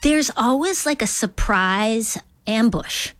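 A woman's voice: on the high side, animated, slow pace, fairly bright tone, dry recording. A woman from Minnesota, a comedian guest chatting casually in a rambling, self-deprecating way and slipping into voices. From Minnesota, USA. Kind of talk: casual interview chat.

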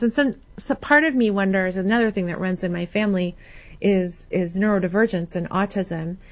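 A woman guest on a radio talk show, telling history in an animated way with many fillers. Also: on the low side. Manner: animated storytelling with frequent fillers. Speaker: guest author. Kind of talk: radio interview.

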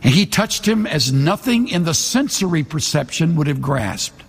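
A man preaching a sermon, reading scripture in a measured, dramatic way with slowed emphasis. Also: a little high, animated, husky, in a large hall.

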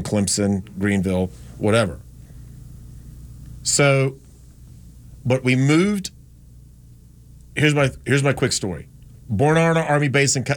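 A man in his fifties from North Carolina, telling his life story in casual chat, rambling with self-corrections and repeating his points for stress. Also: on the low side. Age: 50s.

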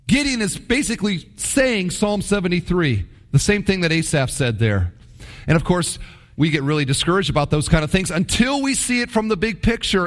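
A man preaching a sermon with animated storytelling, paraphrasing biblical figures in his own voice. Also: a little high, long reverb tail. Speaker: pastor.

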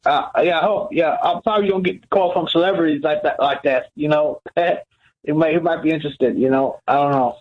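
A man calling in to a radio show, halting and hesitant, repeating his words. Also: a little high. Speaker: caller. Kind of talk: phone-in call. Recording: dull phone line.

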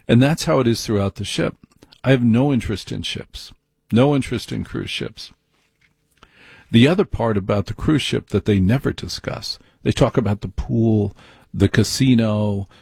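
Middle-aged man, husky voice, blunt and wry commentary, dry close mic. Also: mid-range voice, darkish tone, dry recording. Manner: blunt, wry, rambling asides. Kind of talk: opinionated monologue.

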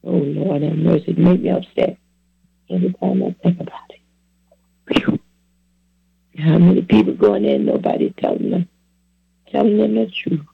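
A man in his seventies preaches his testimony in plain, repeating phrases, urging his listeners on. His voice sits high and grinds with heavy fry, rough and breathy at the edges. The recording is dry and muffled. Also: fairly even intonation, normal speed, pauses often, dry recording. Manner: repetitive, exhorting, plain-spoken. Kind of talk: earnest testimony sermon.

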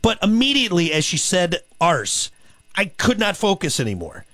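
A man co-hosting a radio show tells a story in a casual, comic way, stopping and restarting often. His voice sits a little high and swings widely in pitch. The studio sound is dry and close. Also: dry recording. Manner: animated, halting storytelling with many fillers and restarts. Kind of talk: casual comedic radio banter.

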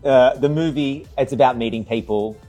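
A man's voice: medium pitch, normal speed, warm tone, highs cut off, faint music behind. A man hosting a casual interview, asking joking, teasing questions. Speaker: host. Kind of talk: casual chat. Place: bar set.

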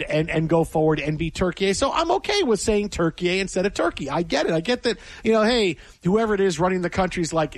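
A male radio host riffing in casual studio banter. His voice sits high and swings widely in pitch. The studio sound is close and dry. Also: a little fast, hardly any pauses, no room sound. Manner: animated, jokey, rambling. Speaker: radio sports talk host. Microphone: studio mic.

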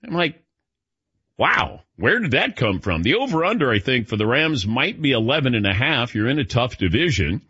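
A sports radio host rambles through the day's games with an animated, swinging delivery. His voice is a little husky and dry, with a dull studio sound. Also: medium pitch, normal speed, no room sound. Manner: chatty, joking anecdotes, lively. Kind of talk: casual sports talk. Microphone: studio mic.

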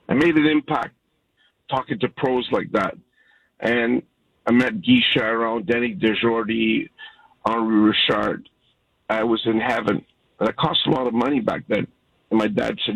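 Gravelly older man calling in from Canada. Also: fairly low pitch, moderate pace, dry recording. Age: 60s. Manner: emotional, rambling storyteller. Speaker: caller. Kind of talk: heartfelt phone-in story. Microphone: phone. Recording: dull lo-fi phone-in line.

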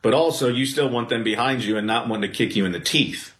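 A man, a former pitcher, talking baseball in a blunt, animated way that rises into exasperated outbursts. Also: fast talker. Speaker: former pitcher, podcast guest. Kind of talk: casual sports talk. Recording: roomy echo.

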